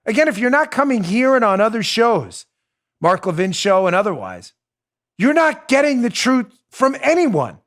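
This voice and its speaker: A man's voice: very high-pitched, very animated, moderate pace, a bit bright. A man hosting a political talk show, delivering a heated, emphatic monologue, repeating points for stress and dropping into sarcasm.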